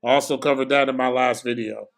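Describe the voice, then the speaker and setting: A young man giving casual, slangy live commentary on a boxing match for his stream, excitable and prone to bursts of shouting. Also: mid-range voice, fast talker, creaky.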